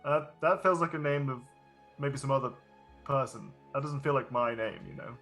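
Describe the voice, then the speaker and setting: A man's voice: mid-range voice, normal speed, a bit bright, soft background music, close to an everyday voice. A man voicing a lonely, friendly male stone guardian in improvised tabletop role-play, eager and chatty.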